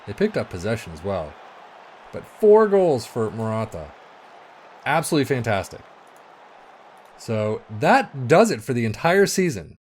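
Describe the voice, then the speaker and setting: A man giving excitable, exasperated let's-play commentary on a football management game, swearing and talking to himself as the match goes. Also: medium pitch, measured pace, pauses often, slight background noise. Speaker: video game streamer.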